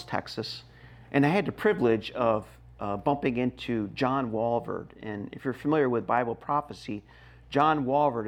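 Emphatic middle-aged male pastor preaching. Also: medium pitch. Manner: emphatic preaching with wide swings in loudness. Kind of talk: sermon.

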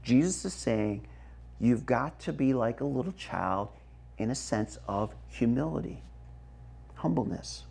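A man preaching a sermon, slow and emphatic, checking in with the congregation as he goes. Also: mid-range voice, animated, creaky, darkish tone, husky. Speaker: pastor.

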